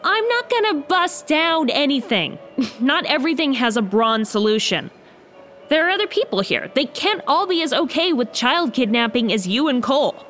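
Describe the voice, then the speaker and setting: An actress playing an earnest, exasperated young woman trapped in a magic bag, quick to protest. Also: high voice, very animated, fairly bright tone, faint music behind.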